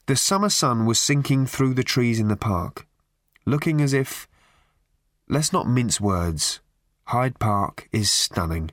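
A man narrating an audiobook with a wry, expressive delivery. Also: mid-range voice, slow, dry recording, clean studio sound. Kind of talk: scripted narration.

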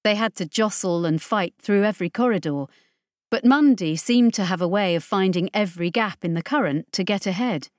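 A woman narrates an audiobook at a steady, measured pace, with a voice of medium pitch. The sound is close and dry, with no room reverb. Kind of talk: scripted narration.

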